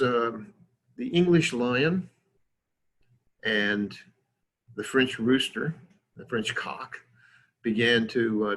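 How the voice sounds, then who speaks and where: Husky-voiced male history lecturer. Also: medium pitch, a bit bright. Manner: conversational, digressive, many fillers, self-deprecating. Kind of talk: lecture with slides.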